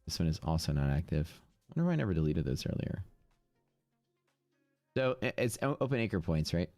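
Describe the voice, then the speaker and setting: Low-voiced guy streaming his charts, rambling casual, dry mic, soft music under it. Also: sing-song, a little fast, dry recording. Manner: casual, thinking aloud with fillers and restarts. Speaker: day trading streamer. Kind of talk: live screen-share commentary.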